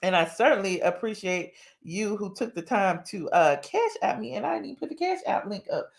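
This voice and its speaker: A woman's voice: mid-range voice, expressive, brisk, gravelly. A woman from Georgia with a Southern accent, hosting a casual livestream and chatting in slangy, joking talk while thanking viewers. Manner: chatty, slangy, reads viewer comments aloud with laughter. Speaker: livestream host.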